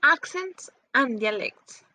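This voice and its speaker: A woman whose first language is Spanish, explaining phonetics in halting English as she searches for words. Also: sits high, lively intonation, sharp tone, slight background noise, low-quality recording.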